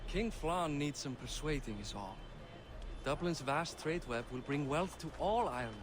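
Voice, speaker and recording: A man's voice: a little high, expressive, normal speed, background noise, lightly acted. An actor playing a proud, hearty middle-aged Norse king in a video game. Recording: game audio over loud city ambience.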